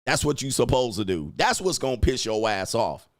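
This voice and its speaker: A man's voice: medium pitch, sing-song, normal speed, no echo, clean studio sound. A man hosting a show, ranting crudely, mocking his listeners and breaking into laughter as he acts out their voices. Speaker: podcast host and dating coach. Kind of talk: crude comedic rant.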